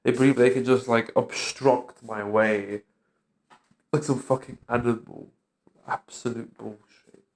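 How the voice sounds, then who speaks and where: A man's voice: medium pitch, steady tone, unhurried. A man talking bitterly in an agitated, profane vlog rant. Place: London street.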